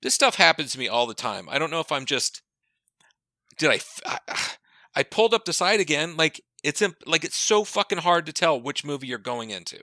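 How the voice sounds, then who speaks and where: A man's voice: a little high, fairly quick, no room sound. A man on a podcast telling a long, profane anecdote, acting out the people he quotes. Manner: animated, profane storyteller who acts out quoted dialogue. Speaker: podcast co-host. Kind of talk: casual chat, long anecdote.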